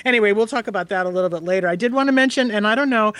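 A woman co-hosting a local radio talk show, chatting casually and rambling with quick laughs. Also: medium pitch, no room sound. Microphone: studio microphone.

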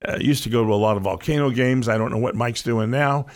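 A man's voice: mid-range voice, quick pace. A man chatting casually about baseball, telling long rambling stories from his years of covering the game. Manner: rambling storyteller, reminiscing. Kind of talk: casual sports chat.

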